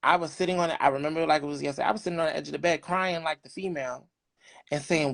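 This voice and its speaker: Gravelly man telling candid stories. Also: fairly high pitch, very fast, no room sound. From New York City. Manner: animated, candid, emphatic storyteller. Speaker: podcast guest. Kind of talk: candid personal storytelling.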